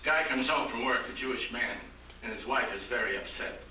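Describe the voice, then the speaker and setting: A man's voice: medium pitch, fairly quick. Older man telling jokes in an echoey hall. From Akron, Ohio. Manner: dry joke-telling with quoted voices. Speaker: comedian at a roast dinner. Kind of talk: stand-up jokes at a banquet. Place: large banquet hall. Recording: echoey banquet hall from far off, noisy.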